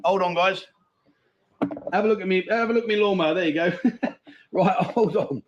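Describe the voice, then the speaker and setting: A man's voice: high voice, moderate pace, dull audio, background noise. A middle-aged man, hosting a casual livestream and bantering cheekily with viewers as he reads out their comments. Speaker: livestream host.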